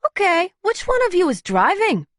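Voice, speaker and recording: A woman's voice: very high voice, huge pitch swings, normal speed, dry recording, studio quality, voice pushed up, full character voice. A woman voicing a bold, breezy young shapeshifter woman in an audiobook.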